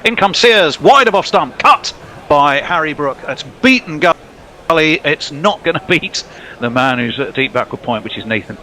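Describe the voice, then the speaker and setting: A man does ball-by-ball cricket commentary in a playful, joking style, often laughing and trading jokey banter. His voice is fairly high, bright and forceful, with lively intonation at a moderate pace, and there's a little hiss or hum.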